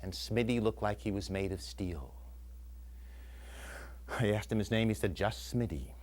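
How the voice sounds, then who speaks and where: A man's voice: lowish voice, unhurried. A man telling a personal story live in a community TV studio, acting out the voices of the people in it. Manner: animated, acts out quoted voices, shouts and whispers.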